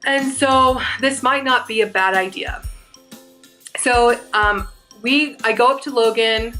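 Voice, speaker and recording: A woman's voice: mid-range voice, pushed and bright. A young woman vlogger chatting through a storytime, rambling and restarting her sentences as she goes. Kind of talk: casual storytime.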